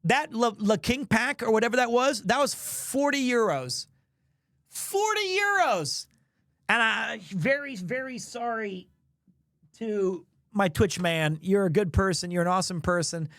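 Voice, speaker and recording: A man's voice: high voice, moderate pace, fairly bright tone, no echo, clean studio sound. A man streaming, telling a funny story in a rambling, self-mocking way. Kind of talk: casual storytelling.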